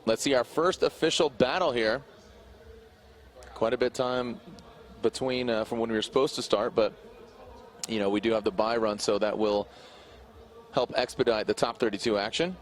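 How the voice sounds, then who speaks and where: A man's voice: normal speed, pauses often. A man doing live play-by-play commentary at an outdoor drift event, his voice climbing as he calls the action. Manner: energetic, rises in pitch calling the action.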